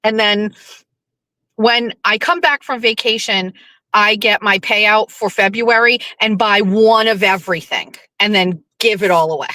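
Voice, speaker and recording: Bright, chatty woman streamer, dry close sound. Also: medium pitch, measured pace, no echo, poor audio. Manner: rambling and chatty, lots of fillers; playful, swears casually. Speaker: livestream host. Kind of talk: casual livestream chat.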